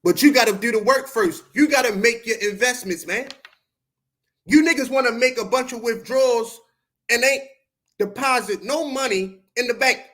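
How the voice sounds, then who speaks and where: A podcast host from Baltimore, speaking with a Baltimore accent, rants heatedly at his livestream chat in a confrontational, profane, preachy street style. His voice is very high-pitched and sharp, at a moderate pace.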